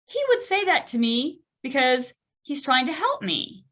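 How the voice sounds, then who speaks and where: Bright-voiced woman telling a candid story. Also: high-pitched, a little slow. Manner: animated, self-deprecating, laughs often. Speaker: podcast guest, podiatrist.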